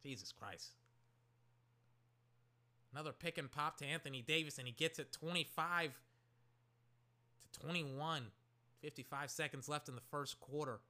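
A man from Oakland, California, casually calling a basketball game he is watching, rambling with lots of "like" and breaking into excited shouts. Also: on the high side, moderate pace, pauses often. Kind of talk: casual play-by-play while watching.

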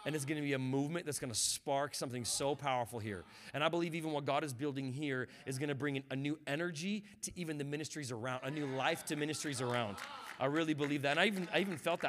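High, bright-voiced preaching man. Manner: passionate preaching that builds to shouts; conversational, with repeated words and restarts. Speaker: guest pastor. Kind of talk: sermon.

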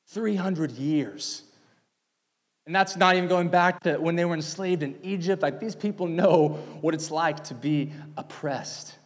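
Guy preaching a sermon, kinda high voice, echoey hall, gets loud then drops way down. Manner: animated teaching with big swings in volume. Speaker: pastor.

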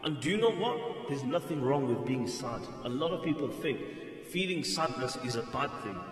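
A man's voice: mid-range voice, lively intonation, normal speed. A man preaching an Islamic lecture, explaining in English and quoting classical Arabic text at speed, with an emphatic, repetitive cadence. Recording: echoey hall, voice from far off, faint music.

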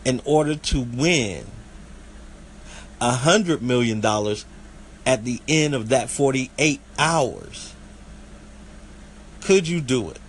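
A man's voice: mid-range voice, lively intonation, slow pace, long pauses, a little hiss or hum, rough recording. A man from the southeast United States with a Southern country accent, hosting a casual solo podcast in a folksy way that sometimes stumbles over words. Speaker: podcast host.

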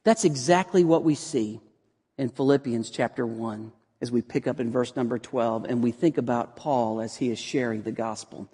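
A middle-aged man preaching a sermon as pastor, telling stories with lively animation and dropping to a hushed voice for prayer. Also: normal speed, slightly rough. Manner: animated storytelling, voice drops low and quiet for prayer. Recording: long reverb in a large hall.

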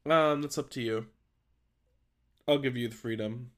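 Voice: mid-range voice, a little slow. A podcast co-host in their twenties on a video call, dry and sarcastic while recapping a TV episode. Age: 20s. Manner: dry, sarcastic, deadpan jokes. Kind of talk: casual chat recapping a TV episode.

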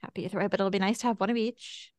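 A woman's voice: medium pitch, steady tone, racing, a little mellow, no echo, clean studio sound. A woman in her thirties, co-hosting a podcast, telling a personal story in a chatty way full of "like". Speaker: podcast co-host. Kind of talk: casual chat.

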